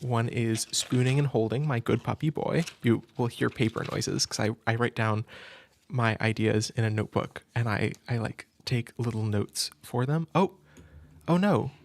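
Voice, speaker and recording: Nervous, gravelly-voiced man chatting on stream. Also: mid-range voice, normal speed. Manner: nervous, excited, chatty with many fillers. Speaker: audio role-play creator hosting a live stream. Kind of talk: casual live-stream chat.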